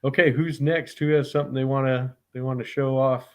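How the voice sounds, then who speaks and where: A man's voice: medium pitch, steady tone, brisk. A man from Texas hosting a casual live video stream, reading out viewers' comments and inviting guests to speak. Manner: friendly, reads out chat comments. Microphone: video call.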